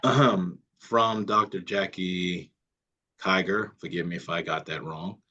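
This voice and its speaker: A man with a gruff, lowish voice reads out audience comments. He is hesitant and pokes fun at himself as he stumbles over names. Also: steady tone, slow pace, bright, forceful tone, highs cut off. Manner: self-deprecating, hesitant. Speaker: moderator reading chat. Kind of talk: reading comments aloud.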